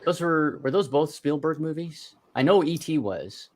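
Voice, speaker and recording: A man's voice: on the high side, expressive, moderate pace. A man in his fifties hosting a live stream, telling long stories in casual chat with restarts. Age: 50s. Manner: chatty storyteller, rambling with restarts. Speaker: livestream host.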